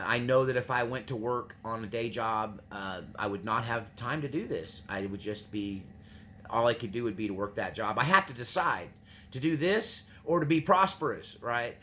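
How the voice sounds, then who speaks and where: A man's voice: medium pitch, pushed and bright, slight background noise. A man hosting his own channel, talking earnestly and rambling to his viewers. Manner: earnest, rambling, restarts often. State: choked up, near tears. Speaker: channel host. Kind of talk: casual monologue to viewers.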